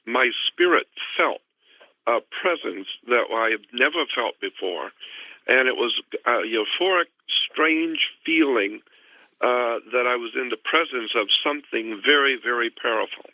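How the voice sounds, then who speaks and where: A man's voice: medium pitch, vocal fry, dry recording. A man earnestly telling a long personal story as a radio guest, rambling through his memories. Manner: earnest, rambling retelling of a past encounter. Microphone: telephone. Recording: tinny phone line, dry.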